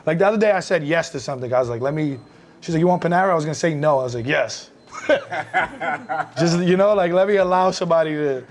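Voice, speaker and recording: A man's voice: on the high side, fast, darkish tone, a little hiss or hum. A man chatting as a podcast guest, speaking candidly and reflectively and acting out quoted bits of conversation. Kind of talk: casual chat.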